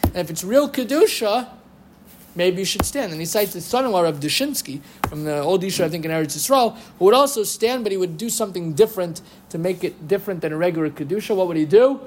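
A man giving a lively lecture on Jewish law, quoting rabbinic sources and chanting Hebrew phrases. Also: high-pitched, fast talker, a little hiss or hum. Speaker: Torah teacher. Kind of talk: halachic lecture.

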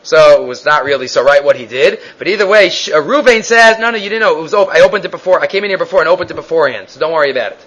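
A man with a high voice gives a Talmud lecture. He talks in an animated way, stops and restarts now and then, and puts on raised voices for the quotes. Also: lo-fi sound. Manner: halting with fillers and restarts. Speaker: Talmud teacher.

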